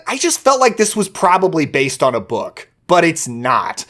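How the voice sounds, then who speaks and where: A young man hosting a film review channel, talking casually and enthusiastically about movies he recommends, gushing in quick bursts. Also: fairly high pitch.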